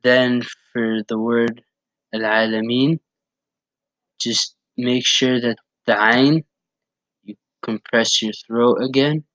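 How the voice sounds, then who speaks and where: A man teaching how to pronounce a recitation step by step, patiently repeating words slowly to demonstrate each sound. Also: mid-range voice, steady tone, fairly bright tone, no room sound, rough recording. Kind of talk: step-by-step pronunciation lesson.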